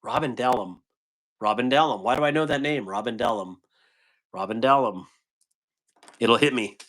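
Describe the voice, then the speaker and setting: A man's voice: mid-range voice, moderate pace, a bit bright. A man hosting a live stream, reading and answering chat comments in a playful way, laughing often and tripping over tongue twisters.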